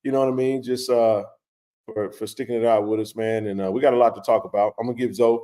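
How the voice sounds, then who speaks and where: A man's voice: medium pitch, fast. Chatty man telling a story. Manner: animated, conversational, many fillers and restarts. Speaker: livestream host. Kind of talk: casual storytelling to a live chat.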